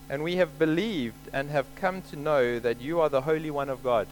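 A man's voice: fairly high pitch, lively intonation, a little fast, few pauses, low-quality recording. A man preaching a sermon, explaining scripture earnestly and repeating key points for emphasis.

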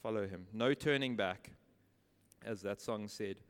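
A man's voice: lowish voice, measured pace, a bit bright, a little hiss or hum. A man preaching a sermon with emphasis, posing rhetorical questions and repeating key phrases. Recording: long reverb of a large hall.

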